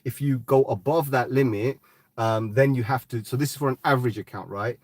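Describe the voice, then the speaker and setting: A man's voice: mid-range voice, a little fast, no echo. A man hosting a live crypto talk, ranting bluntly and swearing, often tagging "right?". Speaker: crypto podcast host.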